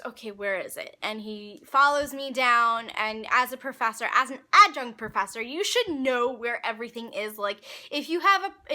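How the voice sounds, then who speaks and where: A young woman casually telling a story about her college days, chatty and animated, with lots of fillers and asides. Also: high voice. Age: young adult. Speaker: vlogger.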